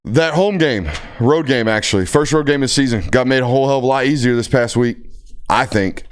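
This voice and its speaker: A man's voice: mid-range voice, a little fast. A young man hosting a casual sports talk show, telling stories in a laid-back, drawling way. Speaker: podcast host.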